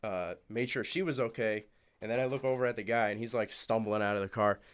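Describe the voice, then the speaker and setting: A man's voice: lowish voice, fast talker, smooth. A young man, a podcast regular who races cars, telling casual stories with lots of laughter. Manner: animated, laughs through his stories. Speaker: podcast guest, race car driver. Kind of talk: casual storytelling.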